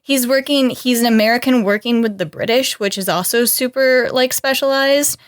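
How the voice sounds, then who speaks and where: A woman's voice: a little high, moderate pace. A woman co-hosting a casual podcast chat, laughing often and filling with "like". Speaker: podcast co-host.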